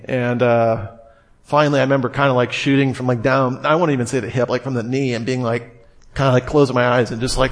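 Man preaching in a casual, chatty tone. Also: mid-range voice. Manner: casual, conversational preaching with many fillers. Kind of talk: sermon.

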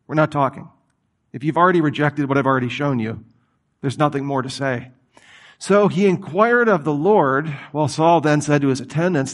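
Man preaching a sermon, conversational and animated, in a somewhat high voice. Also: normal speed. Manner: animated, conversational, reads scripture aloud then comments.

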